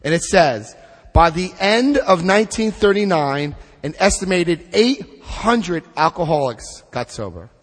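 A man's voice: high voice, big pitch swings. Impassioned man speaking in an echoing hall. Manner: emphatic, drawn-out stresses, asks the room questions. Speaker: recovery speaker leading a big book study. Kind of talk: impassioned recovery talk to a group.

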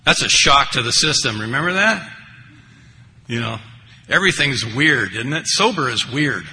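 A man's voice: mid-range voice, animated, normal speed, pushed and bright. An older man giving a rambling, wry personal recovery share, full of conversational asides. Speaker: speaker at a recovery meeting. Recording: echoey hall, faint background noise.

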